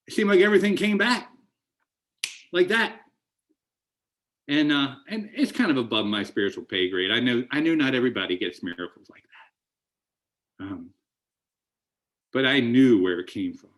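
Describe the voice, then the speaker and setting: A man's voice: on the high side, a bit bright. A middle-aged man speaking at a recovery meeting, telling his story in an earnest, emotional way with many restarts. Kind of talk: recovery talk.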